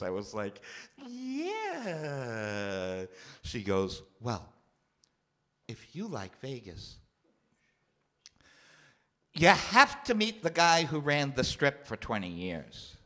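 Animated man in his fifties telling stories. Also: unhurried. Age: 50s. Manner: animated, acts out characters in a high loud voice. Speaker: comedian. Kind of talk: stand-up storytelling chat. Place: TV studio with live audience.

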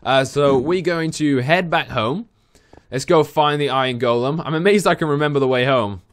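A young man giving casual, excitable let's-play commentary while playing, talking back to the game's creatures. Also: a little high, moderate pace. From England. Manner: excitable, jumpy, talks to game creatures. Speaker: gaming YouTuber.

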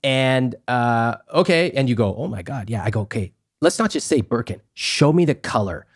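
Man, podcast guest, emphatic, acts out dialogues, animated talk. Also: moderate pace, breathy edge. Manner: emphatic, acts out quoted exchanges, climbs high for emphasis. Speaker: guest, personal finance author.

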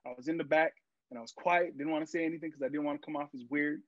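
A young male actor chats as a podcast guest, spinning lively anecdotes and slipping into the voices of people he met. His voice sits a little high for a man. The sound is dry and a bit muffled, like a lo-fi mic. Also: very fast, no echo. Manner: animated storyteller, acts out quotes, many fillers. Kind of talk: casual interview storytelling.

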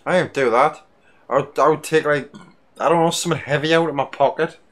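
A man commentating casually on a video game he plays, crude and jokey, swearing often and breaking into loud outbursts. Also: fairly high pitch, a little fast. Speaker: let's play gamer.

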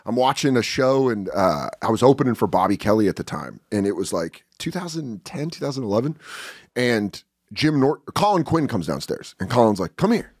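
A man's voice: medium pitch, a little fast, breathy edge, dry recording, studio quality. A comedian in his forties, a guest on a podcast, chatting casually and telling stories in which he acts out what other people said. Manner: animated storyteller acting out other people's lines. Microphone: studio podcast mic.

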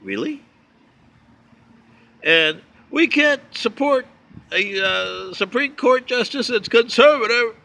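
Man, sarcastic political ranter, bright, bouncy delivery with a mocking edge. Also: very high voice, expressive, slow, gravelly, long pauses. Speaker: political commentary vlogger. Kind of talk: ranting political commentary.

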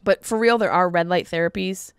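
Animated comedic woman podcast host. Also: on the low side, fairly quick, smooth, no room sound, clean studio sound. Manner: animated storytelling, jokey asides. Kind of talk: comedic monologue.

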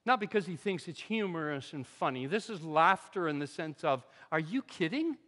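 A man with a high voice delivers a lively, conversational sermon, punching some phrases loudly and dropping others to near-murmurs. The sound carries a long reverb, as if from a church sanctuary. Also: normal speed. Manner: animated, conversational preaching with sudden drops to quiet asides. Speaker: pastor.

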